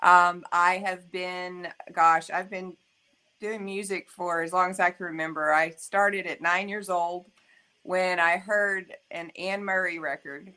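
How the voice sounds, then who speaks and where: Bright-voiced singer, chatty. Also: female voice, lowish voice, fairly even intonation, a little slow. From Arkansas, USA. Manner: friendly, chatty, laughs easily. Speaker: guest singer. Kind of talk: interview answers.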